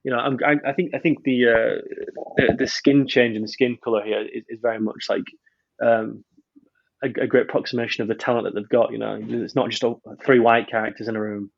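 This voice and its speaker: A man's voice: medium pitch, level tone, fairly quick, vocal fry, muffled recording. A man reviewing a film on a podcast in casual chat, rambling with many restarts.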